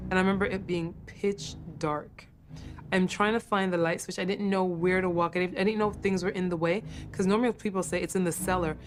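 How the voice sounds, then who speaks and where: A woman who works as a caregiver, earnestly recounting a ghost encounter and repeating herself for emphasis. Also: lowish voice.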